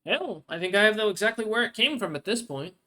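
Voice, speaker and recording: A woman's voice: mid-range voice, animated, fairly quick, sharp tone, pitched above the performer's own voice. A man voicing a young, sly female dwarf who keeps a bar in a thieves' guild, coy and sweet-talking while she haggles.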